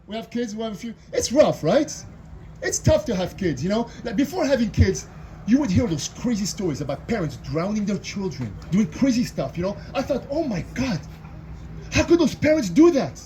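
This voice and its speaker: A middle-aged comedian with a French accent works a club crowd in a stand-up set, his voice sitting high for a man. He talks in a chatty way and keeps tossing in "you know?". A faint hiss runs under the recording. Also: big pitch swings, a little fast, dark tone, poor audio. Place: comedy club stage with live audience.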